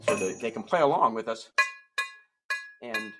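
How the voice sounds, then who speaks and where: A man's voice: lowish voice, expressive, measured pace, heavy background noise. A man performing as a musical ventriloquist, patiently explaining things to young audiences between puppet bits. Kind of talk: ventriloquist show patter.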